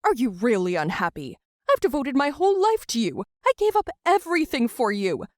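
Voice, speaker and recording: A woman voicing a tense, controlling middle-aged mother in an animated storybook. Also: a little high, fairly quick, no room sound, clean studio sound, voice pushed up. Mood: defensive.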